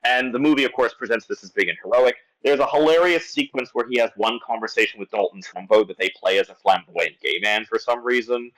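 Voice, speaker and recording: A man on a casual podcast, picking apart a film with mounting exasperation. His pitch leaps around lively as he restarts sentences mid-thought. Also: poor audio. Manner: animated, exasperated rant with many restarts. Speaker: podcast movie critic.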